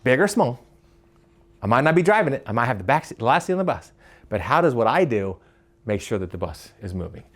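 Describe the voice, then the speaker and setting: A man giving a live leadership workshop, animated, asking the audience questions and stumbling over quick restarts. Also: mid-range voice. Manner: animated, asks the crowd questions, stammers on restarts. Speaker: leadership speaker.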